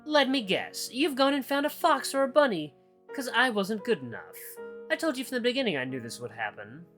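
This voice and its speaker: A man's voice: very animated, a little fast, fairly bright tone, faint music behind, exaggerated voice. A man voicing a bitter, possessive male ex-partner in a visual novel, whining and accusing in a raised voice. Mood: whining, guilt-tripping. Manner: whiny, accusing, raised pitch.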